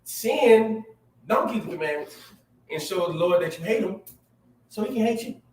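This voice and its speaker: A man co-hosting a sermon, reading scripture and exhorting with energetic, exclamatory interjections. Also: sits high, normal speed, slight background noise. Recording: echoey room, mic at a distance.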